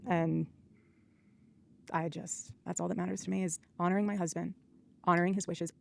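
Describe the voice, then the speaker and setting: A woman's voice: lowish voice, little pitch movement, normal speed, vocal fry, darkish tone, slight background noise. A woman speaking earnestly and defiantly in a faith-based question-and-answer session. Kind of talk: earnest personal testimony.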